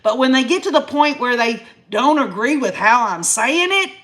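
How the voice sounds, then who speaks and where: A woman's voice: high-pitched, animated, normal speed, a bit bright. Feisty Tennessee woman ranting to chat. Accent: Tennessee Southern. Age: 50s. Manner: feisty, ranting, talks straight to viewers with folksy country phrasing. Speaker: YouTube live-stream host. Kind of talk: casual live-stream talk to chat.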